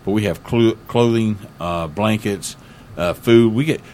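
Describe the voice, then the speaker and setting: A man's voice: fairly low pitch, a little slow, darkish tone, a little hiss or hum. A middle-aged man with a Southern country accent, a pastor chatting folksily and leading prayer, with many fillers. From Florida. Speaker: pastor, podcast co-host. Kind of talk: casual chat and prayer.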